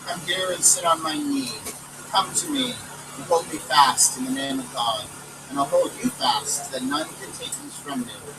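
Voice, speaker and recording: A man reading aloud outdoors, voicing a frightened widow mother who pleads and laments slowly, recorded from a distance with traffic behind. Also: fairly low pitch, very animated. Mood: mournful.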